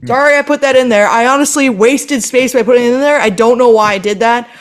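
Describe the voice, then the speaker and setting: A woman on a podcast telling a story in casual chat, animated and exasperated, swearing often. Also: a little high, fast. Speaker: podcast co-host.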